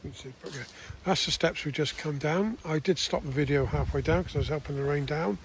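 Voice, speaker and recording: Older male vlogger, chatty walking commentary, slightly high voice, faint outdoor hiss. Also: fast. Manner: chatty, rambling with restarts. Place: outdoors in countryside.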